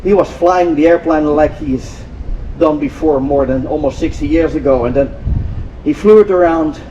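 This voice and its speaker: An older man from Europe tells an audience a story in a high voice and acts out each exchange with lively repeats. He is picked up by a mic some distance away. Faint vehicle noise hums behind him outdoors. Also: moderate pace, lo-fi sound. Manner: animated, acts out dialogue, repeats phrases. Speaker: inspirational speaker.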